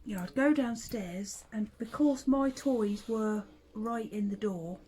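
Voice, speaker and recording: Taking it slowly, she speaks in a medium-pitched, mellow and husky voice. She's a middle-aged vlogger and mother chatting casually about family, a storyteller who laughs often and sometimes falls to a whisper. The audio quality is poor.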